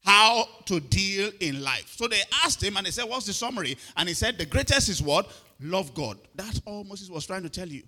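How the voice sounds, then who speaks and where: A man's voice: sits high, expressive, moderate pace, bright, forceful tone. A middle-aged man preaching a sermon, often asking if listeners are following and repeating his words. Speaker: pastor.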